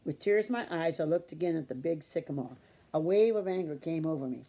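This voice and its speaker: A woman reading a children's novel aloud in a steady, unhurried storybook narration. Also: low-pitched, noisy background. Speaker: audiobook reader.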